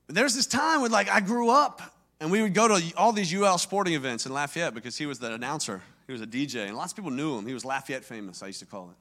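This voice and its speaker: A man's voice: a little high, animated, fast talker, bright, forceful tone. A man from Louisiana, preaching a sermon and telling his own story in an earnest, conversational way that grows emphatic. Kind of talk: personal testimony sermon.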